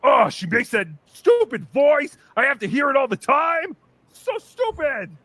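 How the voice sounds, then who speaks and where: A man with a very high voice, heard in a played clip. He mocks and teases in a sarcastic way, and his pitch jumps around a lot. The sound is dry. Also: big pitch swings, measured pace, fairly bright tone, dry recording. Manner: sarcastic, teasing. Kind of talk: mocking commentary.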